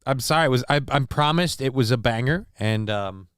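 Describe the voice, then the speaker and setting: A man hosting a livestream show, talking in a casual, rambling way with frequent swearing and halting fillers. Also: mid-range voice, expressive, fairly bright tone, smooth, no room sound, studio quality.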